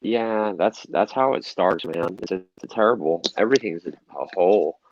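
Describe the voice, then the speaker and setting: A man's voice: low-pitched, moderate pace, no room sound, muffled recording. A man co-hosting a live show in casual chat, easygoing with brief replies. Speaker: co-host.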